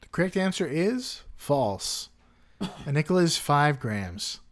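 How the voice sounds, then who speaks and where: A man's voice: fairly high pitch, big pitch swings, takes it slowly. Loose, chatty male podcast host. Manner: loose storytelling with many "like" fillers, dry wordplay. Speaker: podcast co-host presenting facts and quiz. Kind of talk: casual chat.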